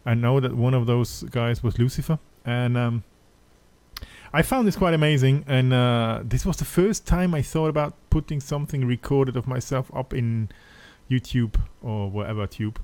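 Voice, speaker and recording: A man's voice: medium pitch, moderate pace, darkish tone, dry recording. A man with a German accent hosting a podcast in casual chat, hesitant with many fillers and restarts. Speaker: podcast host.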